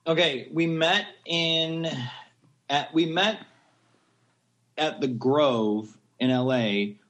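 A man in his thirties tells a story as a podcast guest, fairly high-voiced and full of animated, gushing energy. He acts out the lines of the people in his story as he goes. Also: very slow. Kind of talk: casual storytelling chat.

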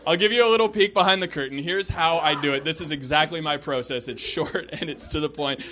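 A man performing a stand-up comedy set, with animated delivery and deadpan asides. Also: fairly high pitch, fairly quick. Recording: loud live comedy club crowd.

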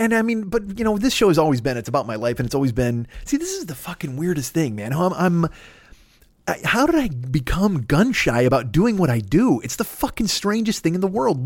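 A man's voice: on the high side, no room sound, studio quality. A middle-aged man hosting a comedy podcast, talking in a rambling, profane, self-deprecating monologue full of tangents. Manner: profane, self-deprecating, jumps between tangents and mock voices.

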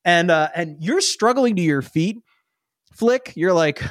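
Animated man running a tabletop game. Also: high voice, unhurried, dry recording, clean studio sound. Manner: animated, laughing, acts out little voices. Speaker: game master.

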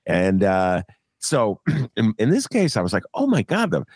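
A man, co-hosting a casual political chat podcast, rambling and animated, laughing often and full of fillers. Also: fairly low pitch, unhurried, no room sound, clean studio sound. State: recovering from a cough. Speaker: podcast co-host and columnist.

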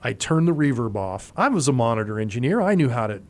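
A man's voice: medium pitch, quick pace. Man telling road-crew stories. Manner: animated raconteur, acts out other people's lines. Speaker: guest, concert monitor engineer. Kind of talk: casual storytelling in an interview.

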